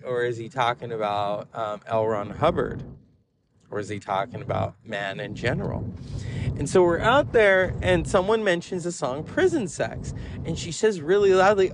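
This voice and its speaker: A man hosting a podcast, telling rambling stories in an animated way with frequent laughs. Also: mid-range voice, moderate pace, noisy background. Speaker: podcast host. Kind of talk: casual rambling monologue.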